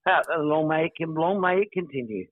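An older Australian actor giving a casual interview, measured and hesitant, with many fillers and restarts. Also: male voice, a little high, animated, no room sound. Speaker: guest actor. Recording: dry tinny phone-line sound.

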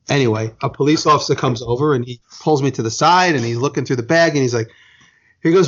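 A man's voice: mid-range voice, quick pace. An American man from the United States telling a long anecdote as a podcast host, rambling and self-correcting, with casual swearing. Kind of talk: casual storytelling. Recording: dull lo-fi sound.

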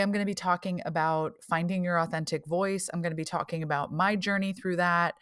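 A woman's voice: fairly low pitch, clear, resonant tone. Chatty, reflective woman podcast host. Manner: chatty and reflective, acts out inner voices. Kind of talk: solo podcast talk.

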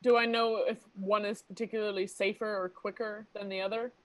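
A woman's voice: mid-range voice, little pitch movement, brisk, no room sound, rough recording. Hesitant woman playing a tabletop game. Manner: hesitant, casual. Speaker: player. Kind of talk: tabletop role-play.

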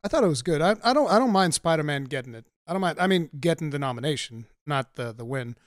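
A man giving blunt, opinionated takes on games in a casual podcast chat, swearing and getting animated. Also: on the high side, fast, dry recording, studio quality. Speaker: gaming podcast co-host.

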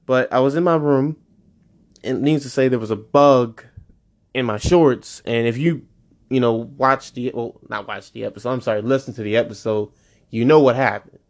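A young adult man hosting his own podcast, ranting casually and profanely, his voice jumping high when he gets annoyed. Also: normal speed, darkish tone. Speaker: podcast host. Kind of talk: casual solo podcast rant.

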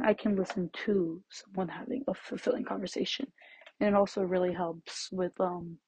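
A young woman hosting her own podcast, rambling casually and laughing often, her voice shaky and her breathing loud with anxiety as she walks around her bedroom. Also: medium pitch, breathy edge. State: anxious and shaky, breathing loudly. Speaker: podcast host. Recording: slightly dull, dry lo-fi home recording.

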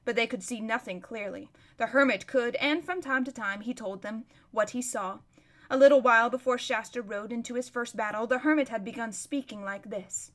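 A woman narrating a children's fantasy novel as an audiobook, calm and measured. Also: on the high side.

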